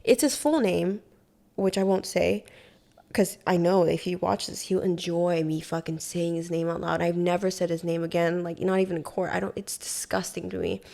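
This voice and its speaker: A young woman from Hawaii, a podcast guest, telling a story in casual, profane, animated talk full of "like". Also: lowish voice, moderate pace, gravelly. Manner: profane, animated, heavy use of "like".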